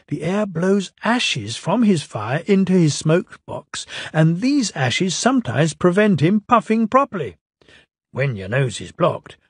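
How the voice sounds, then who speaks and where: A man playing a calm, clever engine driver who explains things steadily. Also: a little high, slightly rough, dry recording, clean studio sound, full character voice.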